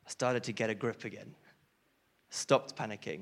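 A young man with a fairly low voice shares an earnest personal testimony during a church talk at a moderate pace. His voice rises with emotion whenever he stresses a key point.

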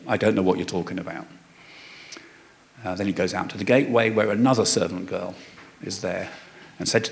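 Gravelly-voiced man teaching a sermon. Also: sits low. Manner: conversational, with frequent fillers and restarts. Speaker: preacher.

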